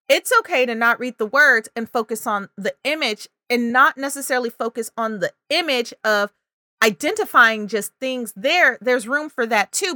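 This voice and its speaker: A woman's voice: on the high side, sharp tone, no echo, clean studio sound. A woman talking parents through early reading and language signs, acting out child and parent voices now and then. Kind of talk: parenting advice video.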